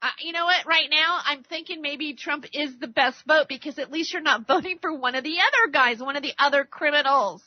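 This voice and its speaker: A high-pitched woman hosts a radio talk show and rants in a rambling, heated way. She stammers and restarts her sentences, then acts out both sides of an argument. The sound is dry and a little dull, like a lo-fi radio recording. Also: a little fast, few pauses, no room sound. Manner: acts out arguments by quoting others. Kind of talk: political rant monologue.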